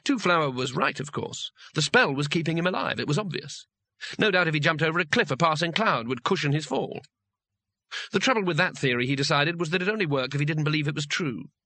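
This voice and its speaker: A man's voice: a little high, expressive, a little fast, bright, forceful tone, no echo. A man narrating a comic fantasy audiobook in a dry, wry storytelling manner.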